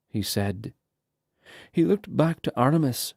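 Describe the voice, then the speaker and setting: Brief: mellow male narrator, slow and steady, dry close sound. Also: mid-range voice, no echo. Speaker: audiobook narrator. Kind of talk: scripted fantasy narration.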